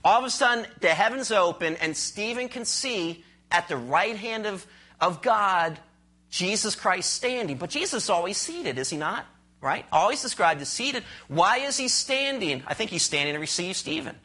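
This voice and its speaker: High bright preacher guy, sermon, tells jokes with voices, goes real quiet sometimes. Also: expressive, moderate pace. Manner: storytelling with acted-out voices and dramatic drops to a near whisper; asks the audience rhetorical questions.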